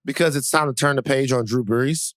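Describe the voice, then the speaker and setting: A man's voice: medium pitch, a little fast, fairly bright tone, no room sound, clean studio sound. Rambling male podcast co-host. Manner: rambling, many restarts and "you know"s. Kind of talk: casual podcast chat.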